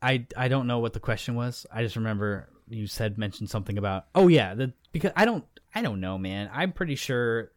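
A man co-hosting a casual podcast, rambling along with restarts and filler words. His voice sits at an ordinary pitch. The sound is close and dry. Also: expressive, brisk, few pauses, dry recording. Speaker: podcast co-host. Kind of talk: casual chat.

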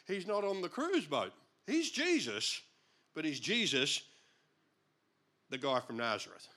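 A man with an Australian accent preaching a sermon, reading scripture aloud and joking with the congregation. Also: sits high. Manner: animated, joking, chuckles often. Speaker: pastor.

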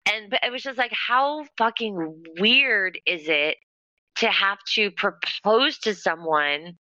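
A woman co-hosting a podcast in loose, casual chat, laughing often and swearing freely as she rambles. Her voice is very bright and sharp, recorded dry and close with a dull, lo-fi tone. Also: medium pitch, takes it slowly, no echo. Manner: giggly, swears freely, rambling with many fillers. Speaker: podcast co-host.

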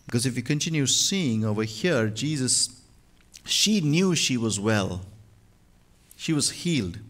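A man's voice: medium pitch, lively intonation, a little slow. Man preaching a dynamic sermon. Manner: dynamic, swings from hushed to loud and emphatic. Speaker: pastor.

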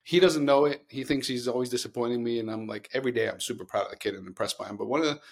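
A man's voice: medium pitch, racing. A middle-aged man co-hosting a podcast, telling long earnest stories in casual chat with many restarts. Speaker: podcast co-host.

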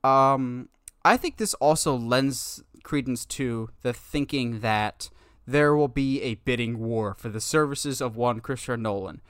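A man co-hosting a casual movie news podcast, talking in an animated, exasperated way. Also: mid-range voice, a little slow, clear, resonant tone, no room sound, studio quality. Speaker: podcast co-host.

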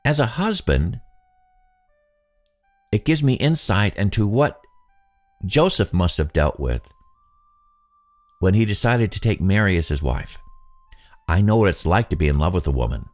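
Deep-voiced man in his sixties, musing. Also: very animated, unhurried, long pauses, a little mellow, soft background music. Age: 60s. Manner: musing, conversational, self-deprecating. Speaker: podcast host. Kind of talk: reflective solo podcast monologue.

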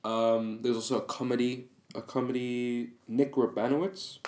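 A man's voice: medium pitch, level tone, normal speed, darkish tone, a little hiss or hum. A young man co-hosting a podcast in loose, swearing, laughing casual chat. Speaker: podcast co-host. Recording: echoey room.

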